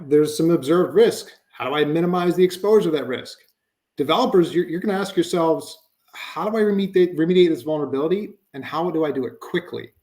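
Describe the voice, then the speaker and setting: A man's voice: on the high side, a little mellow. A man giving a conversational webinar presentation, explaining with frequent fillers like "you know" and "um.".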